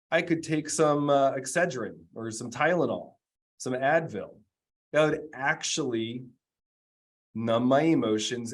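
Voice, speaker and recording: A man, an executive coach, giving a casual webinar presentation in a chatty, self-deprecating way with lots of fillers. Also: mid-range voice.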